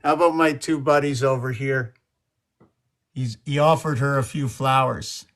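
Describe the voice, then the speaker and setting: A man showing his paintings on a live stream, talking in a rambling, playful way and jumping from excited exclamations to muttering. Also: mid-range voice, moderate pace. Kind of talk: casual live-stream chat.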